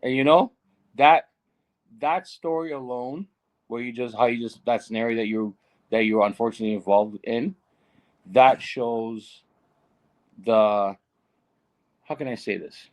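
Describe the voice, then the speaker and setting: A man's voice: mid-range voice, measured pace, long pauses. A man co-hosting a casual talk, reacting and chiming in. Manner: reactive, laughs and chimes in. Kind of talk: casual chat.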